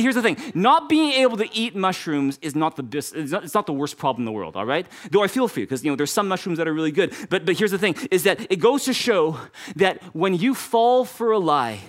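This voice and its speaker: A man's voice: high-pitched, a bit bright. A man preaching a sermon as pastor, repeating key phrases and speaking directly to his congregation.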